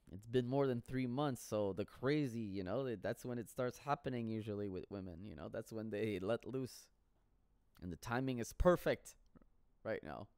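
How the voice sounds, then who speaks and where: A man's voice: fairly low pitch, normal speed, darkish tone, clear, resonant tone, dry recording. A man telling stories in a casual solo monologue, rambling and profane with frequent laughter.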